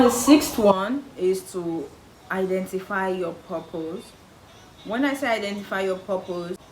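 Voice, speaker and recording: A young Nigerian woman with a Nigerian accent, giving casual advice to camera and acting out what relatives say with emphatic repetition. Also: medium pitch. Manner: animated, acts out quoted relatives, emphatic repetition. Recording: echoey room with faint background noise.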